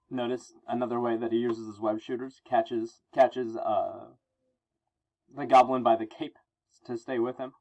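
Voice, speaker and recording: A male teacher reading through a comic book with his class and explaining it in a relaxed way. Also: medium pitch, unhurried, poor audio. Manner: explanatory, relaxed, many fillers.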